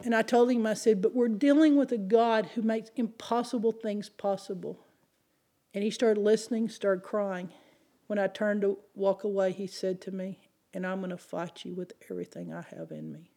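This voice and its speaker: A woman preaching a sermon, telling stories in an animated way and acting out the people she quotes. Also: medium pitch, moderate pace. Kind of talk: sermon with storytelling.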